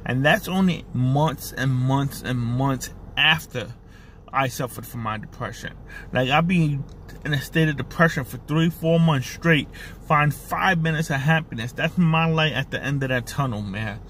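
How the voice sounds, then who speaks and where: A man's voice: mid-range voice, unhurried, fairly bright tone, a little hiss or hum. A man talking straight to the camera in an earnest, repetitive and emotional way, recorded on the camera's own mic. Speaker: vlogger. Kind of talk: personal talk to camera.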